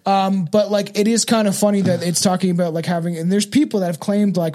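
A man's voice: high voice, steady tone, quick pace, hardly any pauses, mellow. A man hosting a podcast, chatting casually and reading from notes with many fillers and restarts. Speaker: podcast host.

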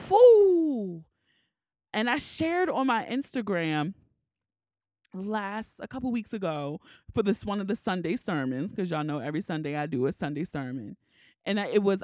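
A woman with a fairly low-pitched voice hosts a solo podcast, tearful and crying as she speaks. She is candid and emotional and swears casually, recorded on a dry close mic with no room sound.

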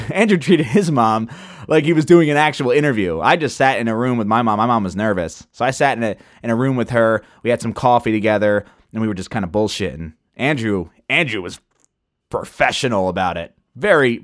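A man's voice: medium pitch, brisk, dry recording, clean studio sound. A man hosting a podcast in a casual, chatty way, sipping wine as he talks. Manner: animated, chatty, loose and profane. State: sipping wine while talking. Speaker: podcast host. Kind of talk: casual chat.

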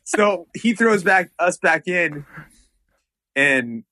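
A man telling a story in casual chat, animated and profane, with many fillers. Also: sits high, very slow, no echo.

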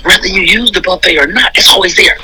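A middle-aged man, a comedian and interview guest, giving an exuberant, preachy testimony in quick bursts. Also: high voice, pushed and bright, slight background noise, poor audio.

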